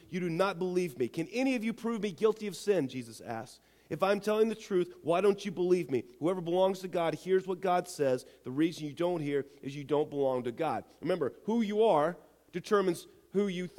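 High-voiced emphatic male pastor. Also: darkish tone. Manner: emphatic, repeats phrases, asks the crowd rhetorical questions. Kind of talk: sermon with scripture reading. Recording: long hall reverb.

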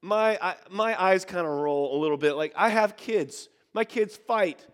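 A man's voice: high-pitched, a little slow, smooth, long reverb tail. A male pastor preaching a sermon, telling stories, acting out the people he quotes and calling on the congregation to respond. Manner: storytelling, acts out the people he quotes.

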